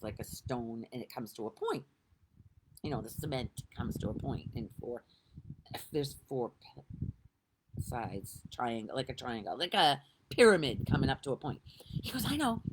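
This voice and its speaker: A middle-aged woman telling a story in a casual, lively way, laughing often and swearing now and then. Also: sits low, slight background noise. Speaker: vlogger.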